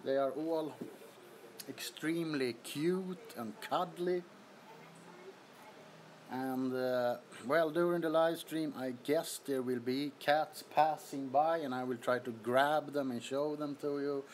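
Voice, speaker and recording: A man's voice: fairly high pitch, steady tone, slow pace, slight background noise. A man chatting casually on a livestream from an apartment, greeting viewers and laughing often, recorded on a phone. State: sweaty from heat. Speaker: livestream host. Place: apartment bedroom.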